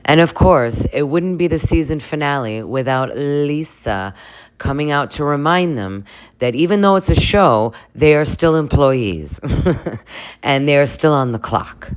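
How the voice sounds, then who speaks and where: Low-pitched woman host, playful and joking, comedic commentary. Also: animated, measured pace, clean tone.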